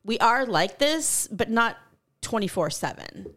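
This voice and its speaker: Lively, wisecracking woman podcaster. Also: a little high. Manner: chimes in with quick reactions and jokes. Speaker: podcast co-host. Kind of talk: casual chat.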